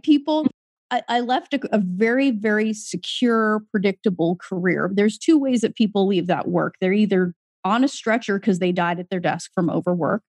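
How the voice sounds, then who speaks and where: A woman's voice: medium pitch, a little mellow, no echo. A woman speaking in a casual conversation as an author guest, earnest and emphatic, swearing now and then.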